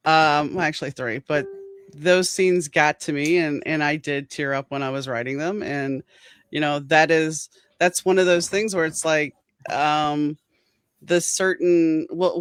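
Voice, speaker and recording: A woman author, appearing as a guest in a casual interview, talks through her writing process earnestly and reflectively at an easy, conversational pace. Her low voice is recorded dry and close, with no room sound around it.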